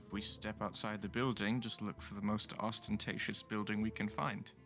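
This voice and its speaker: A man playing a tabletop game, with a low voice and plenty of gravelly fry. His tone is bright and edgy, and he talks in a relaxed way about his character's moves. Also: normal speed, faint music behind. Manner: easygoing, describes his character's actions. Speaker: player. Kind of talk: tabletop role-play chat.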